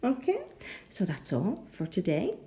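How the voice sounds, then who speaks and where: A woman teaching an English pronunciation lesson, repeating words slowly and checking in with "no?". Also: mid-range voice, huge pitch swings, mellow, slight background noise.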